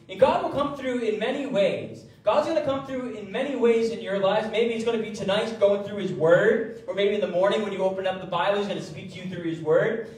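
A man preaching a sermon as pastor, animated, acting out the voices he quotes. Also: high-pitched. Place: church sanctuary. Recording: echoey church hall from far off.

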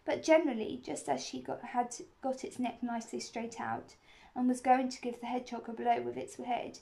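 A woman's voice: a little high, vocal fry, darkish tone. A woman reading a children's novel aloud, steadily, with small slips and restarts. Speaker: reader.

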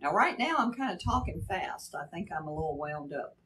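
A woman's voice: fairly low pitch, big pitch swings, a little fast, fairly bright tone, a little hiss or hum, low-quality recording. A woman in her sixties with a Kentucky accent and a Texas drawl, chatting casually on a livestream and greeting viewers by name. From Kentucky, raised in Texas. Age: 60s. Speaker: livestream host. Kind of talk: casual livestream chat reading comments.

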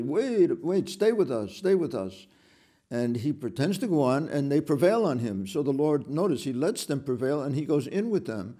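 Halting mellow-voiced man preaching. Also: mid-range voice. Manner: halting, many restarts and fillers, retelling Gospel scenes. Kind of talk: sermon at a retreat talk.

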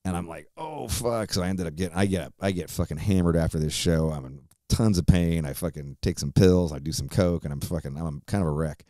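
Deep-voiced middle-aged man telling a profane tale. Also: fairly even intonation, fast talker, hardly any pauses, mellow, no echo, clean studio sound. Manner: profane, rambling, heavy on fillers and restarts. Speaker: podcast host. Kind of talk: casual storytelling.

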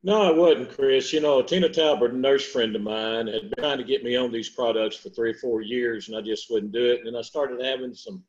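A man from Arkansas shares his story plainly over a video call. His voice is mid-pitched and steady. The line sounds muffled and lo-fi. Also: fairly quick, few pauses. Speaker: guest. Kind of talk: casual testimonial.

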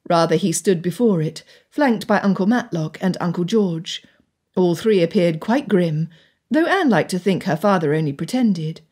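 A woman narrating an audiobook in an even, measured storytelling manner. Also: on the low side, breathy edge. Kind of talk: scripted narration.

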